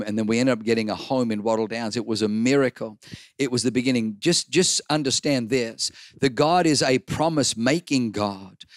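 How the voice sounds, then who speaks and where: A pastor delivers a sermon in a medium-pitched voice, animatedly telling personal stories, acting out voices, and repeating phrases for emphasis. The recording is clean studio sound without echo.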